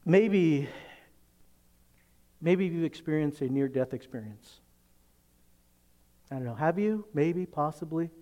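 Male pastor, slightly higher voice, casual preaching that acts out little scenes and questions the room. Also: lively intonation, normal speed, long pauses, mellow, muffled recording. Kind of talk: sermon.

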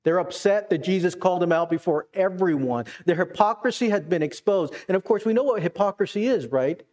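A man's voice: high voice, expressive, a little fast, darkish tone. A man preaching a sermon, earnest, with repeated words and questions to the congregation. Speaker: pastor.

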